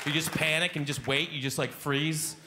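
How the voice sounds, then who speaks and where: A man performing stand-up in a comedy club, his voice sitting a little high for a man. He talks in an animated way and keeps leaping up into squeaky acted voices. The live recording carries clear audience laughter and room noise behind him. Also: moderate pace, crowd noise.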